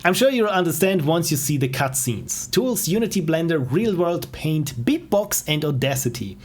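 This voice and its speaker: A man's voice: fairly high pitch, lively intonation, moderate pace. Enthusiastic man streaming indie games. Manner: enthusiastic, self-deprecating. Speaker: game streamer. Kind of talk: casual streaming commentary.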